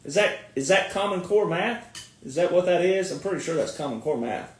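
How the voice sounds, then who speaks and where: A man's voice: sits high, animated, fairly quick. Sarcastic male veteran ranting, echoey room. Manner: sarcastic, mocking, laughs often. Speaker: commentator, military veteran. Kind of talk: ranting online commentary. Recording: echoey room, far from mic.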